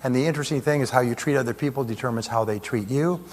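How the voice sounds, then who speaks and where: A man's voice: medium pitch, fast, a little mellow. A man giving a motivational seminar talk in a large hall, joking with and rousing the audience. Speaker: seminar speaker. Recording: echoey hall with long reverb.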